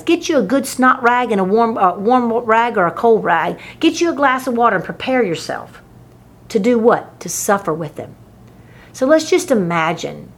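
Husky-voiced woman preaching with passion. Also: mid-range voice. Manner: impassioned, swinging from loud emphasis to hushed intimacy. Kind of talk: sermon.

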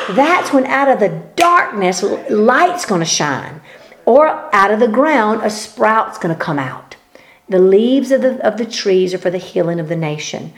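Fervent woman preaching in conversation. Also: fairly high pitch. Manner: emphatic, repeats words, rising to fervent peaks. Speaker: speaker sharing faith teaching. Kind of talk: preaching-style conversational talk.

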